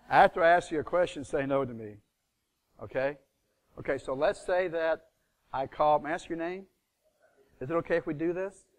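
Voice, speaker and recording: At a live real estate seminar, a middle-aged man with a slightly high voice leads the room. He quizzes the audience with fill-in-the-blank questions and acts out phone calls.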